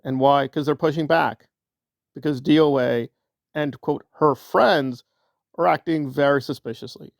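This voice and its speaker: A man's voice: mid-range voice, steady tone, normal speed, vocal fry, a little mellow, no room sound, studio quality. A man giving a combative, sarcastic ranting commentary as an online commentator, often repeating himself.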